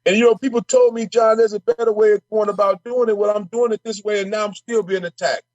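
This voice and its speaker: A brash man with a high-pitched voice talks with fiery passion, tripping over repeated words as he pushes his point. The sound is dry and close to the mic, with no room around it. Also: fairly even intonation, fast talker, darkish tone, dry recording, highs cut off. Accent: Minnesota. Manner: brash, impassioned, repeats words when fired up. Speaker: state representative guest. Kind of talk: casual podcast conversation.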